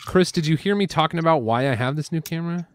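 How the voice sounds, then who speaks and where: A man's voice: a little high, fast. Rambling self-mocking man on a stream. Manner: rambling, laughs at himself, many fillers. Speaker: streamer and panel guest. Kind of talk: casual chat on a group stream.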